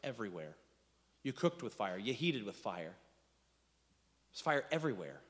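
A man preaching a sermon as pastor, stumbling over restarts and swinging between loud outbursts and hushed asides. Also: on the low side, sing-song, normal speed, big-room sound. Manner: impassioned preaching with repeated restarts and dramatic drops to near-whispers.

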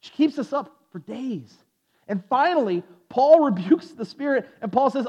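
A man preaching to a group, stumbling over repeated words as he restarts his sentences and stops to ask his listeners questions. His voice sits high for a man. The recording sounds muffled and lo-fi. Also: animated, moderate pace, darkish tone, husky, big-room sound. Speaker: preacher teaching a Bible study. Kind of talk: sermon. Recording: dull lo-fi recording.

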